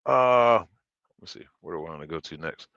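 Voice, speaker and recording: A man's voice: deep voice, animated, moderate pace, fairly bright tone, no echo, lo-fi sound. A man streaming, telling rambling stories with lots of swearing and fillers. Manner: profane, rambling, with many fillers. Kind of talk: casual storytelling chat.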